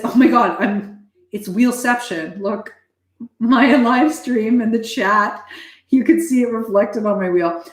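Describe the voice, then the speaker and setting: Blunt, profane woman live-streaming. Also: fairly high pitch. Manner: profane, blunt and fast-shifting. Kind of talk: casual live-stream chat with viewers. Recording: echoey room.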